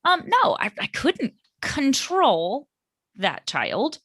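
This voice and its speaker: A middle-aged woman co-hosting a podcast about parenting, talking in a calm, reflective way with frequent ums. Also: high voice, takes it slowly, dry recording, clean studio sound. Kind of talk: casual podcast conversation.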